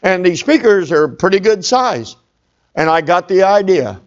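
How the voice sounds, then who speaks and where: A man's voice: high-pitched, big pitch swings, unhurried, muffled recording. A middle-aged male pastor telling a humorous personal story in a sermon, talking straight to his congregation. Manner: folksy, humorous, talks to the congregation.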